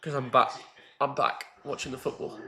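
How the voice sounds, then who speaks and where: A young man co-hosting a football reaction with his dad, full of teasing, rapid-fire banter. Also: mid-range voice, fairly even intonation, a crowd in the background. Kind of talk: casual live-reaction chat.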